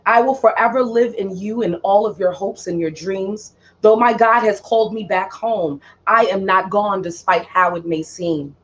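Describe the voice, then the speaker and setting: A woman delivers a spoken-word poem at a slow, solemn pace, circling back to repeated lines. Her voice sits at a middle pitch. The recording is muffled and lo-fi. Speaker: poet. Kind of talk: spoken-word poetry performance. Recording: dull lo-fi audio.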